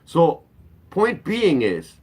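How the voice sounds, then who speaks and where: A man's voice: a little high, drawn-out words, slightly rough. A young adult man doing stand-up comedy, ranting with profanity and acting out quoted voices. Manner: animated, profane rants.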